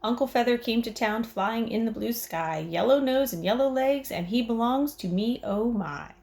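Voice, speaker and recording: A pushy little boy of five, put on by a woman reading aloud, voiced high and bouncy with a whiny, insistent edge. He pleads and pesters with lively swoops. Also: normal speed, creaky. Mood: excited.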